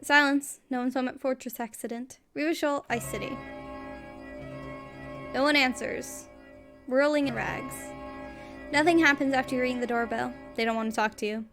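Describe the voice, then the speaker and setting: Woman, high voice, reading game text aloud, casual, wry asides, faint music behind. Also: steady tone, normal speed, pauses often. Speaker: let's play gamer.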